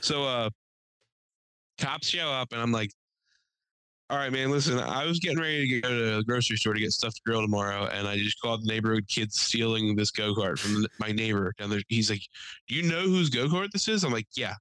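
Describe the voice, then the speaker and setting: Bright-voiced young man telling stories. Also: lowish voice, a little fast, smooth, dry recording, rough recording. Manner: animated, profane, acts out quotes in raised voice. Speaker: podcast co-host. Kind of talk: casual storytelling.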